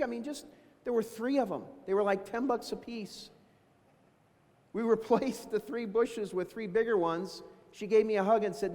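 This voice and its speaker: A man's voice: high voice, moderate pace. Folksy man speaking in a reverberant hall. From Dayton, Ohio. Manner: folksy storytelling, self-deprecating asides. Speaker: keynote speaker. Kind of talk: motivational business talk. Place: large event hall.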